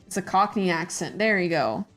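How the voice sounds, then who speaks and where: A woman's voice: lowish voice, animated, normal speed, a bit bright, soft background music. A woman streamer chatting casually while she draws, rambling with many fillers and hesitations. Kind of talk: casual chat while drawing.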